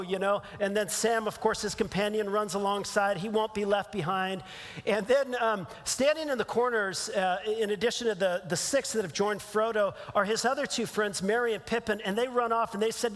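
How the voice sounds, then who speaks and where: A pastor giving a conversational sermon in a church, with casual fillers and restarts. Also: male voice, high voice, steady tone, normal speed, a bit bright, long reverb tail. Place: church sanctuary.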